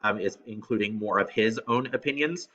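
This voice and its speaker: A man teaching in a casual screen-recorded lesson, with a bright, forceful edge to his voice. He keeps breaking off with ums and restarts. The sound is dull and lo-fi, like a cheap recording. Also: on the low side, fairly quick.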